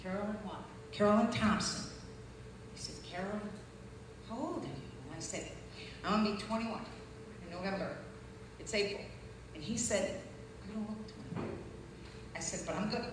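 A woman's voice: mid-range voice, moderate pace, pauses often. Woman preacher in an echoey hall. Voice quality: distinctive voice. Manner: storytelling, acting out quoted voices, rising to loud fervent peaks. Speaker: preacher giving testimony. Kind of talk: testimony sermon. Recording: echoey hall from far off with noise.

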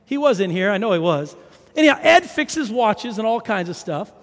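A man preaching a conversational sermon, an animated storyteller who makes chatty asides to the congregation. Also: sits high, moderate pace. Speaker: pastor. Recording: long hall reverb.

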